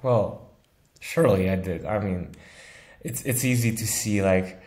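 Low-pitched male engineer guest, reflective and good-humored, casual interview talk. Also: unhurried, a little mellow. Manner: thoughtful, laughs easily, uses analogies.

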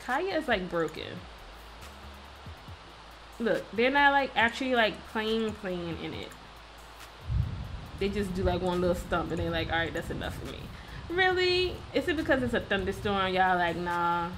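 A woman's voice: medium pitch, animated, measured pace, pauses often, fairly bright tone, soft background music. A woman hosting a casual let's-play, chatting playfully and talking to the characters on screen. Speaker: gaming video host.

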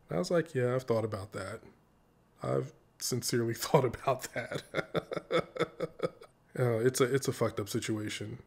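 A man vlogging, casually recounting a story with many "you know" fillers and lively, animated quoted dialogue. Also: mid-range voice, moderate pace. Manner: conversational, heavy "you know" fillers, animated when quoting others.

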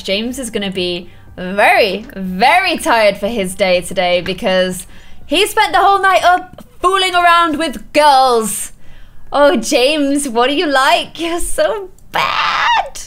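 A woman with a high, bright voice commentating on a life-simulation game for her viewers. She swings her pitch widely and gasps often. Her reactions are loud and playful. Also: unhurried. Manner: excitable, frequent gasps, playful exclamations. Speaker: video game streamer. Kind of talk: gameplay commentary.

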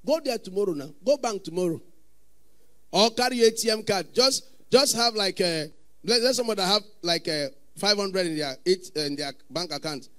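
A man with a Nigerian accent preaching a sermon as pastor, often breaking into sudden shouts. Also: high voice, lively intonation, moderate pace.

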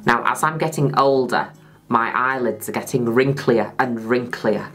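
A woman's voice: very deep voice, unhurried, fairly bright tone, soft background music. A woman in her twenties chatting through a makeup tutorial, camp and theatrical, gushing at her viewers. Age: 20s. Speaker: makeup vlogger.

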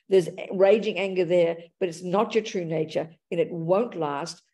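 A woman's voice: on the low side, moderate pace, few pauses, dark tone. A woman Buddhist teacher giving a dharma talk and answering audience questions, speaking frankly and calling people darling and sweetie.

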